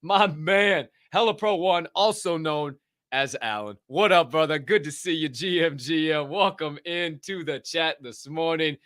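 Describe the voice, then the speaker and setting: A man hosting a casual livestream, excitedly and profanely greeting people in the chat by name. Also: fairly high pitch, measured pace, no room sound, clean studio sound. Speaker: livestream show host.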